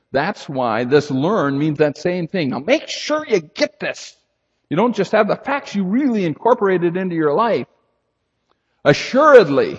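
Older male pastor, earnest and emphatic, husky voice, long hall echo, dull lo-fi sound. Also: a little high. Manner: earnest, emphatic, shifts to loud urgent pleading. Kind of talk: expository sermon.

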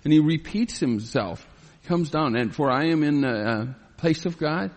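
A pastor with a somewhat high, lively voice delivers an expository Bible sermon, reading verses aloud and pausing to explain them. He turns earnest and pleading when he speaks as Joseph. The recording carries a long hall reverb.

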